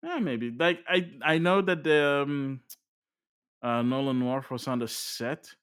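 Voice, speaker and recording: A man chatting casually about games and films, lively and full of fillers, his voice jumping up when he gets excited. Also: mid-range voice, slow, clear, resonant tone. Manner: animated, filler-heavy, voice jumps up when excited.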